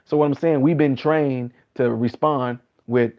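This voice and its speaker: A man in his late thirties talks earnestly to his live-stream viewers, mid-pitched and casual, circling back to the same point again and again. The stream audio sounds a little muffled and lo-fi. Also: fairly even intonation, a little slow. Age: 30s. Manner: earnest, repetitive, acts out other people's replies in a higher voice.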